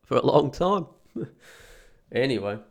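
Middle-aged male podcaster, fighting a cold; gravelly, animated pitch; rambling, profane monologue. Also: unhurried. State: sick with a head cold. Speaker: podcast host.

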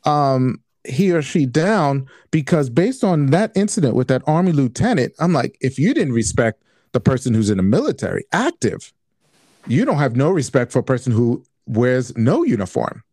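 A male host in a casual talk, recounting his own experiences in a relaxed, storytelling way. His voice is recorded dry, with no room sound. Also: medium pitch, normal speed, no room sound. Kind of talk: casual discussion.

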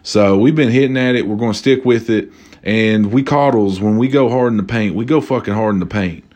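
A man's voice: on the low side, a little fast, a little mellow. A man hosting a casual drinking podcast, rambling and profane, cracking jokes and correcting himself, a little tipsy. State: tipsy from tequila. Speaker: podcast host.

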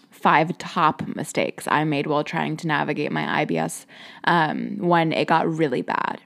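A woman's voice: fairly low pitch, gravelly. A young woman hosting a podcast, chatting casually in a sing-songy, talkative way full of "like". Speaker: podcast host.

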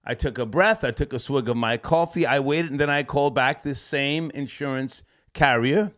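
A man hosting a call-in show, telling a rambling story in a casual, profane, animated way and laughing as he goes. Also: medium pitch, normal speed.

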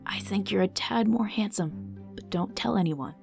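A woman reading the part of a frail old woman who talks softly and reluctantly, with hushed teasing asides. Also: mid-range voice, lively intonation, moderate pace, vocal fry, faint music behind. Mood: whispered teasing. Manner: soft, reluctant, half-whispered asides.

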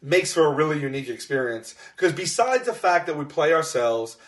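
A man's voice: on the high side, fairly quick. A man co-hosting a podcast, telling stories in casual chat and laughing often. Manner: laughing, animated storyteller. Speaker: podcast co-host.

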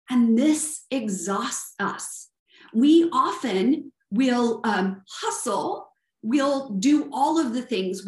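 A middle-aged woman with a Southern US accent speaks in a high, bright-pitched voice at an unhurried, deliberate pace. She coaches earnestly, posing rhetorical questions. The room around her rings with echo. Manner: earnest, asks rhetorical questions, tags "right?". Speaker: life coach. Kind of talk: motivational talk. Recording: echoey room.

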